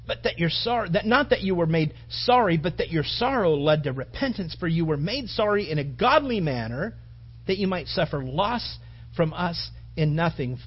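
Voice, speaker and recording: A man's voice: on the high side, animated, normal speed, breathy edge, dull audio. A male pastor preaching a sermon in an earnest, emotional, conversational way.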